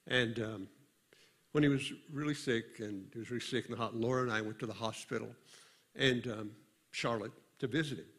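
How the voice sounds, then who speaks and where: Gravelly-voiced older man preaching. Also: medium pitch, fairly bright tone. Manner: conversational storytelling, halting with fillers and restarts. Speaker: pastor. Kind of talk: sermon.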